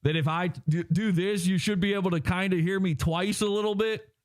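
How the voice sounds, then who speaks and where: An emphatic man hosting a livestream, his voice pitched rather high as he lectures and mocks. He talks close into a broadcast microphone. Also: fairly even intonation, a little fast. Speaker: podcast host. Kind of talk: ranting livestream commentary. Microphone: broadcast microphone with headphones.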